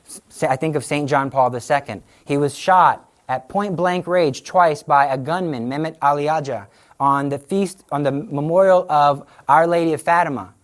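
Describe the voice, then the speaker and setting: A woman's voice: low-pitched, normal speed. A woman giving a conversational religious talk to an audience, telling stories with animation and acting out the voices she quotes. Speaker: Catholic speaker on the rosary.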